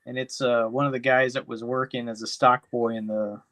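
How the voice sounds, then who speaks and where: A man's voice: mid-range voice, little pitch movement, moderate pace, bright, forceful tone. A man co-hosting a podcast, recapping a movie plot in a rambling, profane way, packed with "you know.". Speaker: podcast co-host. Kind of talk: casual chat, movie recap.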